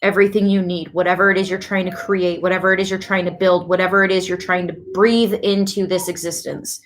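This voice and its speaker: A woman giving a casual tarot reading to her viewers, chatty and quick to laugh, with animated asides. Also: lowish voice. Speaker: tarot reader.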